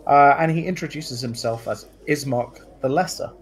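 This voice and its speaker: A man narrating a tabletop game as dungeon master, relaxed and descriptive with small fillers. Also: mid-range voice, normal speed, a little hiss or hum, low-quality recording.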